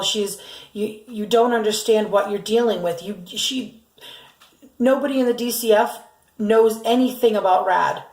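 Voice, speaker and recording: A woman's voice: medium pitch, darkish tone. Indignant middle-aged woman, echoey room. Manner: urgent and indignant, many ums and restarts. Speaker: mother telling her family's story. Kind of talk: emotional first-person vlog.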